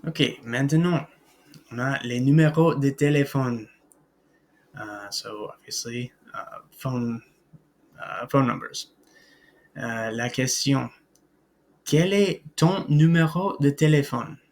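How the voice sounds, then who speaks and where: A man records a French lesson for his students, hesitant and full of ums and uhs as he spells names out one letter at a time. His voice has a gravelly, fry-laden texture, and he talks at an unhurried, slow pace. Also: medium pitch. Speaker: French teacher.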